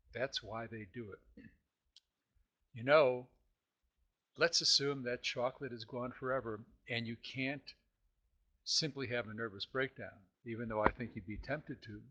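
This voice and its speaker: On his own self-help podcast, a man chats casually with listeners, frequently clearing his throat and posing rhetorical questions. His mid-range voice is pushed and bright at normal speed, and the audio is lo-fi.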